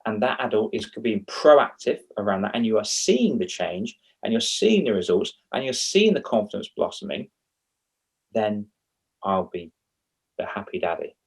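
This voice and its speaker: A man with a low, husky voice talks through a casual interview. He is a children's confidence coach, and he rambles animatedly from point to point, often poking fun at himself. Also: normal speed. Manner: animated and rambling, with self-mocking asides.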